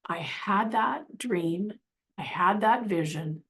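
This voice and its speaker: A woman's voice: mid-range voice, animated, slow, breathy edge. A middle-aged woman telling a personal story in a casual, earnest, rambling way, full of restarts and asides. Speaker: healing practitioner telling her story.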